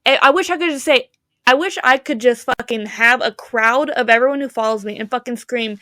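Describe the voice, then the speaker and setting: A woman's voice: on the high side, brisk, bright, forceful tone, no room sound, clean studio sound. Heated, foul-mouthed young woman ranting. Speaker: podcast co-host. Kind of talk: casual chat.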